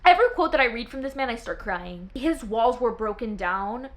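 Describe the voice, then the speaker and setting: A young woman vlogging casually to camera, her voice sitting a little high. She talks in a gushing, theatrical way, swooning and exaggerating as she goes. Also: expressive, normal speed. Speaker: book vlogger.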